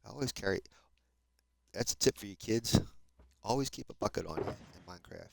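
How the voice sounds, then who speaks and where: A New Jersey man in his fifties hosts a let's play, chuckling and chatting casually with viewers in his New Jersey accent as he plays. His voice is low, expressive, gravelly and fairly quick, with slight background noise and audible mouse and keyboard clicks.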